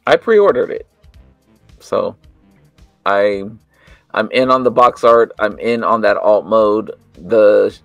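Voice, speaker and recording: A laid-back man co-hosts a casual chat, often stopping and restarting as he talks. His voice is low and gravelly, recorded dry and close. Faint music sits underneath. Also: no room sound. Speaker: co-host of a toy news show.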